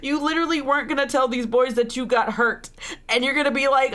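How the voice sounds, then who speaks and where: A female game streamer with a high, somewhat bright voice talks fast and fairly evenly over her playthrough in casual livestream commentary. She swears often, laughs and rants at the characters, and sounds openly fed up with the story.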